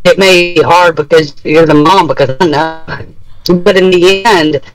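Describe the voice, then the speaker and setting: A man in a Bible study group speaks with confident reassurance, offering encouragement to another member. His voice sits notably high for a man. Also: fairly even intonation, a little slow, music in the background, rough recording.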